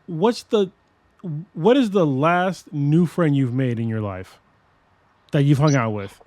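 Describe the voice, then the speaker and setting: A man's voice: a little high, slow pace, dry recording. A man in his forties hosting a podcast in casual chat, rambling, swearing a lot and restarting his sentences. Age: 40s. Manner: rambling, profane and animated, with many restarts. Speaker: podcast host.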